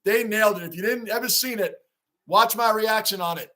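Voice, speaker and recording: A man with a very high, bright voice hosts a live sports reaction stream. He talks casually to his chat, calling out scores and names, and shouts when the game heats up. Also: brisk. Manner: excitable, shouts at big plays, reads chat names aloud. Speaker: livestream host.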